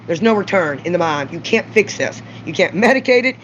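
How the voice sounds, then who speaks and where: In a raw to-camera confession, a middle-aged woman from Mississippi speaks with a Southern accent, fairly low in pitch, animated and slightly fast. She's rambling, blunt and profane, her voice climbing now and then, over a dull lo-fi recording with faint hiss or hum.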